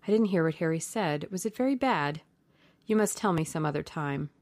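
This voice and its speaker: A woman's voice: sits low, expressive, normal speed, darkish tone, dry recording, clean studio sound. A woman reading the part of a troubled young man who speaks sadly and nervously. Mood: faint, weary. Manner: weary, sad, nervous. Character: young man, anxious, haunted.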